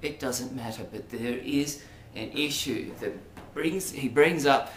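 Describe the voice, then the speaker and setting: An Australian man talks through a casual monologue to camera, rambling and hesitant, with frequent ums and asides. His voice sits at an ordinary middle pitch. The room around him is echoey, with a faint hiss behind. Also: a little slow, a bit bright. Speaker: vlogger. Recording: roomy echo, faint background noise.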